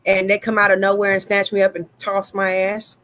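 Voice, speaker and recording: A woman's voice: medium pitch, monotone, a little fast, fairly bright tone, no echo. A woman chatting on a video call as the guest cryptid hunter, emphatic and repeating herself for stress. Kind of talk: casual video call chat.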